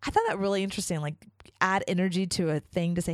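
A woman's voice: fairly low pitch, steady tone, quick pace, no echo. A woman hosting her own podcast, talking in a chatty, enthusiastic way with lots of casual fillers. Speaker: podcast host. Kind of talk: casual solo podcast monologue.

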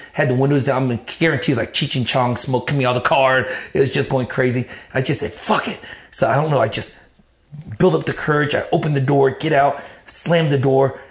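A Texan man with a medium-pitched voice tells his life story in casual, animated talk. He curses plenty and acts out the thoughts he had back then.

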